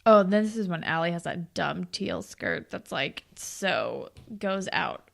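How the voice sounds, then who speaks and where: A woman's voice: lowish voice, animated, unhurried, gravelly, fairly bright tone. A young woman co-hosting a podcast, recapping the plot in casual chat and swearing now and then. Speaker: podcast co-host.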